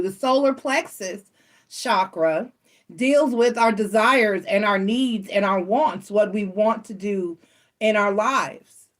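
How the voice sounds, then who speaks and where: A middle-aged woman hosting a casual chat from home, telling stories bluntly and acting out the voices of the people in them. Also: medium pitch. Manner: animated, blunt, swears casually, acts out quoted voices. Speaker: tarot reader and channel host.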